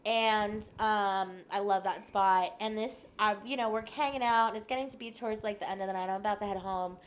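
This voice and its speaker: A woman's voice: mid-range voice, a little fast. A young woman chatting as a podcast guest, telling a story animatedly and acting out the lines of the people in it. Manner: animated, acts out quoted lines, laughs often. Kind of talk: casual storytelling chat.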